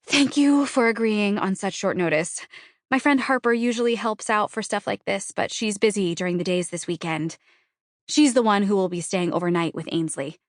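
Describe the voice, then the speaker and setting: A woman narrator voicing a bright, polished young mother who is eager and polite, with a cheery, chirpy delivery. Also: medium pitch, moderate pace, no echo, clean studio sound, close to an everyday voice.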